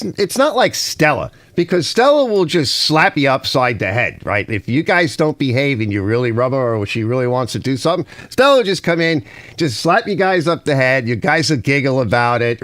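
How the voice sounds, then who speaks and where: A middle-aged man hosting a casual garage live stream, chatty and animated, calling his viewers fellas. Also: dry recording. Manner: animated, swings from muttering low to shouting high.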